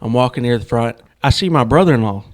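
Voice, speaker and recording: A man co-hosting a podcast, telling a story in casual chat and acting out the lines he yelled. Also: medium pitch, quick pace. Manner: animated storyteller acting out his own yelling. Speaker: podcast co-host.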